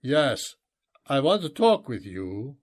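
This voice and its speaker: A man's voice: mid-range voice, sing-song, slow. A man voicing an indignant middle-aged male German tourist who speaks in a stiff, stilted way with a German accent.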